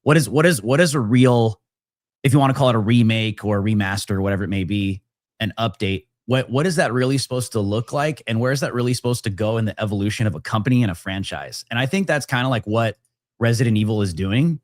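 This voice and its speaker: A man with a lowish voice talks eagerly on a casual podcast, piling on restarts and repeating himself as he rambles. The sound is dry and close. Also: quick pace, no echo. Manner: excited, rambling, many restarts. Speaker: guest.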